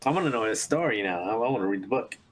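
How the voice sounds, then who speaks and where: A man's voice: on the low side, expressive, quick pace. A man co-hosting a casual podcast, playful and jokey. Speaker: podcast co-host.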